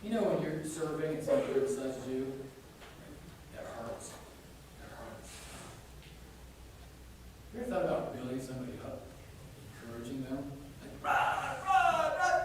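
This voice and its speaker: Animated man preaching in an echoey church. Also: sits high, a little hiss or hum. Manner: animated, jokey storytelling with shouted quotes. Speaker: pastor. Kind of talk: sermon. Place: church sanctuary. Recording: echoey church room from a distance.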